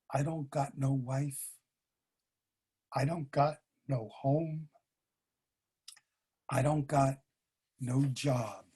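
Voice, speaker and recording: A man playing a big, filthy drunk man who talks in a low, quiet, halting and ungrammatical way, broken and ashamed. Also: husky, exaggerated voice.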